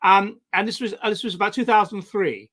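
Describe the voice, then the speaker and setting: A man in his forties talks in a high voice, circling back and restarting as he tells his stories. His delivery is loose and conversational. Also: a bit bright. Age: 40s. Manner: rambling, halting storytelling with many restarts. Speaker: guest. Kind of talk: casual conversation.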